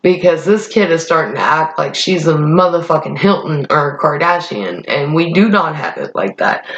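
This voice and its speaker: A young woman vlogger rambling in a casual chat, blunt and profane. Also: low voice. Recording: echoey room, dull lo-fi sound.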